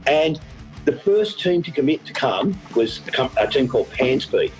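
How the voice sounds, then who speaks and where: This is a middle-aged man with an Australian accent who tells his story with lively energy, laughing and playing out the voices of the people in it. His voice sits at an ordinary pitch. Faint music plays behind him. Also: moderate pace, low-quality recording. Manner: animated storyteller, laughs often, acts out quotes. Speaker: event organizer. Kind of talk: storytelling interview.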